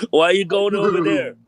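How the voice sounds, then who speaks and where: Lively teasing older man. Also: mid-range voice, no room sound. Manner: teasing, laughing, ribbing the others. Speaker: host. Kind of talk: casual chat.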